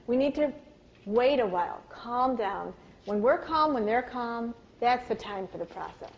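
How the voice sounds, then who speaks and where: Woman presenting a live parenting talk; lively storyteller, slightly high voice, muffled recording. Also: measured pace. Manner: animated storytelling, acts out quoted voices. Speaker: parenting workshop speaker. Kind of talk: live workshop talk to an audience.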